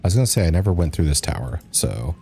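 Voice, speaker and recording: Laid-back male gamer, low mellow voice. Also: sing-song, fast, faint music behind. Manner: joking, slips into a mock bro voice. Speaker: streamer. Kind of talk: casual gameplay commentary.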